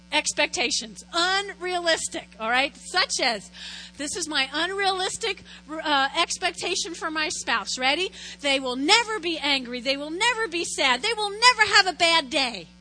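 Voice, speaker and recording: A middle-aged woman pastor preaching in a lively, conversational way, telling stories and constantly checking in with her listeners. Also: sits high, normal speed, rough recording. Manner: animated, storytelling, keeps checking in with "right?". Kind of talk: conversational sermon.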